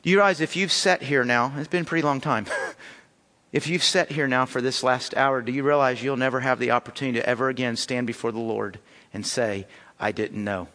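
A male pastor preaching a sermon emphatically, repeating his words and swinging between loud appeals and hushed lines. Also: medium pitch, steady tone, brisk. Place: church sanctuary. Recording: long reverb of a church hall.

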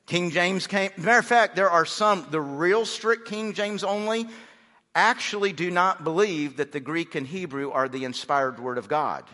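A man's voice: high voice, normal speed, pushed and bright. A man, a pastor, preaching a conversational sermon and often repeating words as he starts a sentence. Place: large church sanctuary. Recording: hall reverb.

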